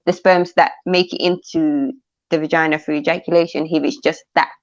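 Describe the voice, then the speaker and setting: Woman on a livestream reading the chat out, low voice, dry muffled sound. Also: steady tone, fairly quick, no echo. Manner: reads viewer comments aloud, chatty. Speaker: livestream co-host. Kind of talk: casual chat reading out comments. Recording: dry, dull lo-fi stream audio.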